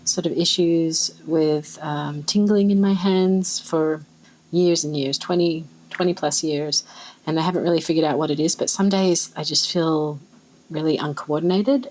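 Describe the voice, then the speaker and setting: A soft-voiced Australian woman chats as she swatches inks, musing aloud and exclaiming quietly over each color. Her voice sits a little low and has a husky, breathy edge. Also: moderate pace, low-quality recording. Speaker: ink swatching vlogger. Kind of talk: casual chat while swatching.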